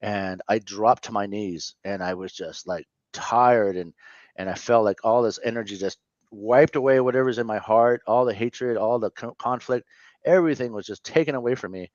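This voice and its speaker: In a dry recording with the highs cut off, a fairly low-pitched man in his fifties tells a personal story as an interview guest. He's earnest and open, with halting delivery and frequent self-corrections.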